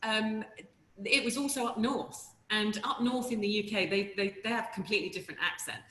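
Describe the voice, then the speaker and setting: A woman's voice: mid-range voice, a little fast, echoey room. Chatty woman with a posh southern English accent. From southern England. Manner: chatty, lively anecdotes with frequent ums. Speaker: voiceover artist, guest. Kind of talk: casual interview storytelling.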